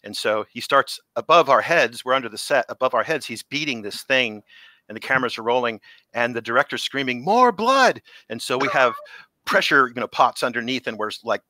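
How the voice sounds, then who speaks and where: A middle-aged man, a special effects veteran, telling lively anecdotes in a casual interview and laughing often. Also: mid-range voice, a little fast, no echo. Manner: animated anecdotes, laughs often, acts out quotes. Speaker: special effects artist guest.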